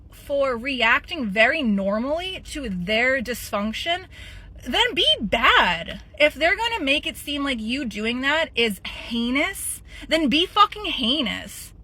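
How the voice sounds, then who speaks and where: A woman's voice: high voice, sharp tone. A woman in her thirties hosting a show, speaking in a blunt, emphatic, profane personal monologue. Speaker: podcast host.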